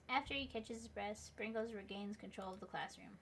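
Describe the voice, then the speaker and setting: A woman's voice: mid-range voice, a little fast, few pauses, a little hiss or hum. A young adult woman hosting a let's play, reading game narration aloud with playful, giggly asides.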